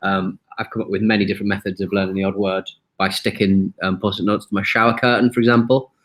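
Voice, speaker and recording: A man's voice: on the low side, flat delivery, quick pace, fairly bright tone. Tired male co-host of a live stream; dry, teasing banter. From Hartlepool, England.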